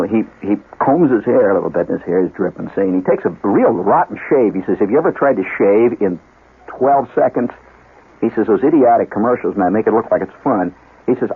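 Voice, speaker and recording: A man's voice: lowish voice, slightly rough. Rambling male radio storyteller, lo-fi. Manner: animated, digressive, with comic asides. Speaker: radio host. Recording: narrow, lo-fi 1970s radio broadcast.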